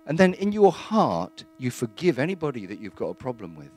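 A man giving a plain-spoken, earnest testimony in church, halting now and then with fillers. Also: medium pitch, wildly swooping pitch, darkish tone, soft background music.

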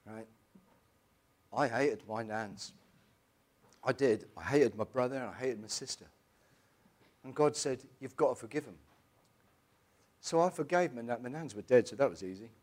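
A middle-aged man, telling his personal testimony in a church in an emotional, halting way with many restarts. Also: medium pitch, darkish tone. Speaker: church member giving testimony.

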